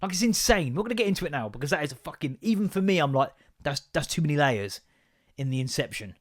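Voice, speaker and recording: A man hosting a podcast, telling rambling, sweary stories in an animated, comedic monologue. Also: a little high, fast talker. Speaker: podcast host.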